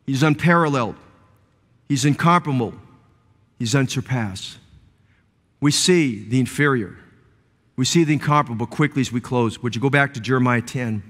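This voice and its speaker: A man's voice: mid-range voice, moderate pace, pauses often, a bit bright. A man preaching a sermon as pastor, building into emphatic, rising cadences with repeated phrases. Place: church sanctuary. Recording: long church reverb.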